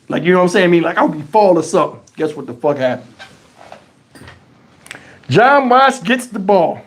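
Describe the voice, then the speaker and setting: Man, host, casual storytelling, profane, animated, very expressive pitch. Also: a little fast, long pauses. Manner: animated, profane, acts out voices. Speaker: channel host. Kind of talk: casual storytelling on a live stream.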